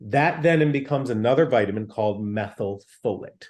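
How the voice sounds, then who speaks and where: A man's voice: medium pitch, animated, moderate pace, a little mellow. A man speaking as a doctor in an interview. He explains in an emphatic, teacherly way and uses everyday comparisons. He keeps checking in with his listener as he goes. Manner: emphatic, explains with plain examples and "okay" check-ins. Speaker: physician guest.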